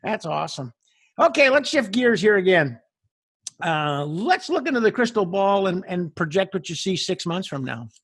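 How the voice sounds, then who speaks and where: A man hosting an interview, a former band director who tells animated stories and acts out the voices in them. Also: sits high, normal speed, slightly rough, no room sound, studio quality. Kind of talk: casual interview and storytelling.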